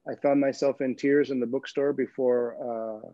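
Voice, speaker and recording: A man's voice: medium pitch, fairly even intonation, moderate pace, warm tone, no echo. A man from California, a guest telling a personal story with humor, laughing often and repeating words as he goes. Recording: dull, dry lo-fi sound.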